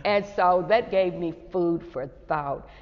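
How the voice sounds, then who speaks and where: A woman's voice: fairly low pitch, takes it slowly, in a large hall. Effusive older woman hosting over a muffled video call. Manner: effusive, exclaiming praise phrases. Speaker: host. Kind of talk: faith talk show chat over a video call.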